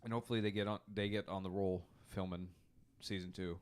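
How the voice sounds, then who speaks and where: A young man co-hosting a podcast in a casual, excitable, jokey chat. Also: sits low, fast, smooth. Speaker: podcast co-host.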